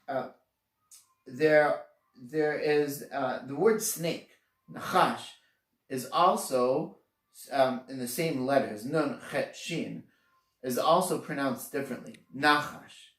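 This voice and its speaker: A man's voice: medium pitch, takes it slowly. A man giving an earnest, explanatory sermon on the weekly Torah portion, often restarting phrases and leaning hard on single words. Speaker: Torah teacher. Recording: echoey room, voice from far off mic.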